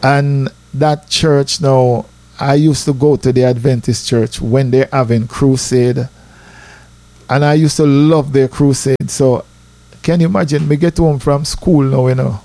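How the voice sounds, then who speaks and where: A man with a Jamaican accent telling a personal story casually, animated and peppered with "you know". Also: a little slow, no echo. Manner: animated, repeats "you know", rises in pitch for drama.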